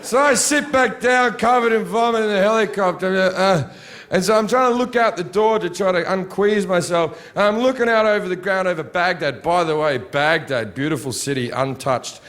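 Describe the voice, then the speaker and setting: A man's voice: sits high, normal speed, fairly bright tone. A man doing stand-up, telling a story in a crude, sardonic way and acting out the scenes. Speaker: stand-up comedian.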